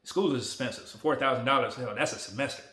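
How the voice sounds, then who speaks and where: A man in his forties talking casually to a phone camera, relaxed, emotional and motivational. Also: medium pitch, quick pace, roomy sound. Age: 40s. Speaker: vlogger.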